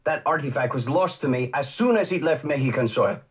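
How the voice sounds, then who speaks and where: A man's voice: mid-range voice, expressive, brisk, natural voice. A man playing a cool, evasive diplomat. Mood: guarded. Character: suave, evasive male Mexican diplomat. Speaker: consulate official. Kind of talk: game voice acting.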